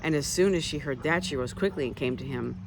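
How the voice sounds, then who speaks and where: Speaking fast in a low-pitched voice against a noisy background, a woman reads scripture aloud in a conversational Bible lesson. She stops often to toss in her own asides.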